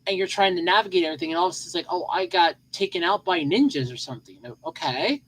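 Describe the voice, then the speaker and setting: A woman's voice: on the low side, animated, racing, rough recording. A woman hosting a solo podcast in a casual, rambling way, full of fillers and repeated phrases, and sleepy. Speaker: podcast host.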